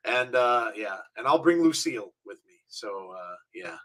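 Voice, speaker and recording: A man's voice: medium pitch, lively intonation, moderate pace, fairly bright tone. A man co-hosting a wrestling talk show, laughing often and sounding exasperated at online complainers. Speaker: podcast co-host. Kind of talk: casual chat.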